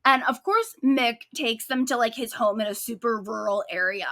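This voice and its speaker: A woman co-hosting a true-crime podcast, talking in a casual, animated way with a sarcastic edge. Her voice is bright and a little high. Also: normal speed, dry recording, clean studio sound. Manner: animated, sarcastic storytelling with frequent likes. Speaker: podcast co-host.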